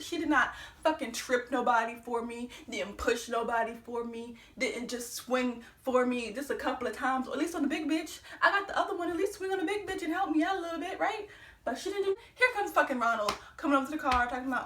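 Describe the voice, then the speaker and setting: A young woman telling a personal story on her vlog, animated and profane, acting out the quotes. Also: high voice, a little fast, reverberant, far from the mic. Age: young adult. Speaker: vlogger.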